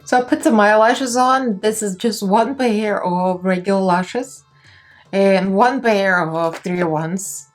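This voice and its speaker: A woman's voice: mid-range voice, takes it slowly, soft background music. A young woman with a Russian accent chatting casually through a makeup tutorial, laughing often and talking in loose, easy phrases. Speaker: makeup vlogger.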